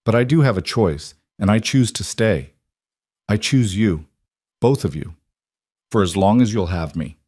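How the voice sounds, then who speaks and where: Brief: a tender, steady businesswoman from a storybook, voiced by a low-voiced man. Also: measured pace, pauses often, no echo, clean studio sound. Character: caring young adult businesswoman, gentle and steady. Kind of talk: storybook reading.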